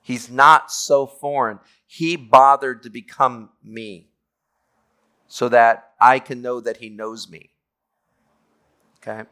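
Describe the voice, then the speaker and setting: A man's voice: mid-range voice, little pitch movement, takes it slowly, pauses often, bright, forceful tone, clean tone. A man teaching a theology class in a conversational way, reading scripture aloud and explaining it, often checking in with "okay?". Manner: reads scripture aloud, then explains it plainly. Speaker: Bible teacher.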